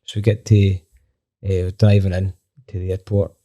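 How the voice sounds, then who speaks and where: A Scottish man, a band member on a podcast, telling a lively anecdote with plenty of swearing and acted-out dialogue. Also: low-pitched, moderate pace, muffled recording. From Scotland. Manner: animated, swears freely, acts out quoted dialogue. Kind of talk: casual storytelling anecdote.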